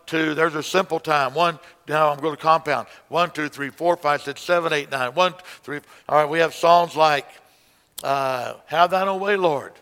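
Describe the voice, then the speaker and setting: Man, song-leading teacher, fairly high voice, long hall reverb around him. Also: sharp tone, smooth. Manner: explains conducting, breaks into hymn singing. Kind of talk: music lesson with singing.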